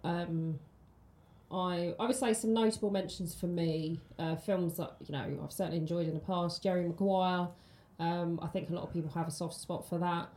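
A woman's voice: fairly low pitch, steady tone, normal speed, warm tone. A woman, co-hosting a casual film podcast and chatting with many ums and restarts. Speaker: podcast co-host. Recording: roomy echo.

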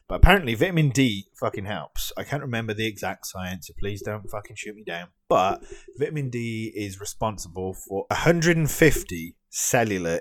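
A young British man rants in a loose, sweary vlog, trading sarcasm with plenty of ums and restarts. His voice sits low, and the sound is close and dry, with no room around it. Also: no echo. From Britain. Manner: sweary, sarcastic ranting with many fillers. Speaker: vlogger. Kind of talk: ranting vlog.

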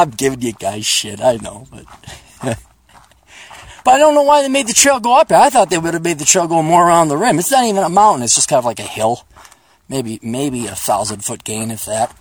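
A man's voice: fairly high pitch, sing-song, a little fast, no room sound. A man hosting a podcast, rambling in a profane, sarcastic, joking way while out on a hiking trail, recorded on a phone. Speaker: podcast host. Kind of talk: casual rambling monologue.

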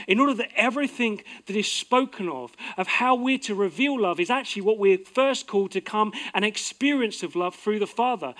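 A middle-aged man preaching a sermon, earnest, swinging from emphatic outbursts to soft, low-voiced reflection. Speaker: pastor.

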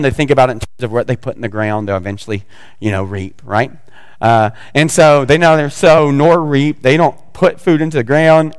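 A male pastor preaches in a loose, conversational way and throws teasing asides to his congregation. His voice sits high for a man. The sound carries a long, hall-like reverb. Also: clean tone. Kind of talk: sermon.

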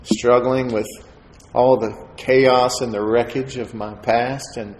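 A man's voice: medium pitch, takes it slowly. Man telling a testimony in an echoey hall. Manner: animated storyteller, acts out quoted voices with laughter. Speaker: preacher giving testimony. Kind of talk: sermon testimony storytelling. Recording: echoey hall with faint ambience.

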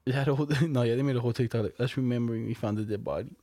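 Lässiger junger Mann, trocken aufgenommen. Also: male voice, mid-range voice, very fast, dark tone, dry recording, studio quality. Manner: laid-back storytelling, swears, laughs often. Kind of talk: casual chat.

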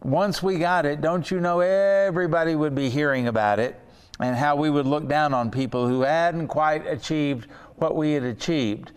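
A man with a fairly high, smooth and resonant voice leads a Bible study lesson. He speaks earnestly and slows down to press home key words. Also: big-room sound. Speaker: Bible teacher.

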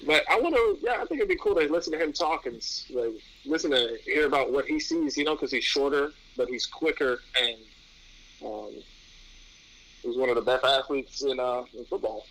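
A young man with a bright, forward voice chatting loosely in an interview. He rambles, restarts his sentences and laughs a lot, keeping everything easygoing. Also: mid-range voice, normal speed, rough recording. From New York. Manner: relaxed, rambling, laughs often, many restarts. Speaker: interview guest, pro athlete. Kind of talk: casual interview chat.

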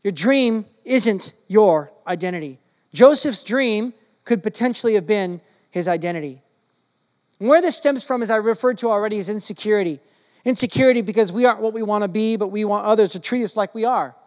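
A man preaching a sermon in a church hall, swinging between fervent loud passages and hushed ones. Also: sits high, brisk. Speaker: pastor. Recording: long hall reverb with soft guitar behind.

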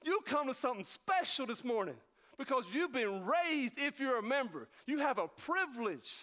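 A high-pitched man preaches to his congregation. He rushes with excitement, then slows right down to drive each point home. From North Carolina. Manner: fast-talking, excitable preaching with sudden slow emphasis. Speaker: pastor. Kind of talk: sermon.

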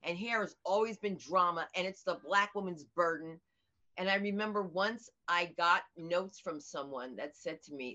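A woman's voice: lowish voice, moderate pace, sharp tone. An older woman comedian chatting in an interview, telling stories animatedly and acting out the voices of people she quotes. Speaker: comedian guest. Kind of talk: casual interview chat. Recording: dull lo-fi audio.

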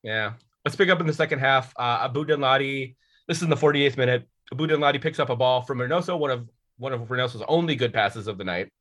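A man's voice: mid-range voice, fast talker, a bit bright. A man in his thirties hosting a casual sports podcast, rambling through match recaps with frequent restarts and swearing. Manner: rambling, profane, self-correcting. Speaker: podcast host.

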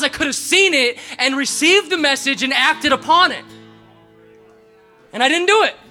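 A male pastor preaching a sermon through an animated, chuckling story full of "like" fillers. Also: very high-pitched.

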